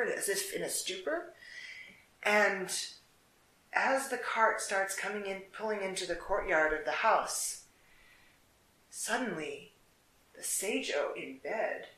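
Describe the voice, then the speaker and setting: A storyteller telling a folk tale in a relaxed, unscripted way, with fillers and restarts. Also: medium pitch. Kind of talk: casual storytelling. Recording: echoey room.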